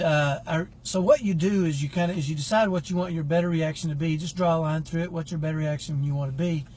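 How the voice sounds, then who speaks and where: A man's voice: on the high side, a little mellow, slight background noise. A middle-aged man telling a personal story in a casual, earnest, reflective way as a parenting coach. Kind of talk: casual talk to camera.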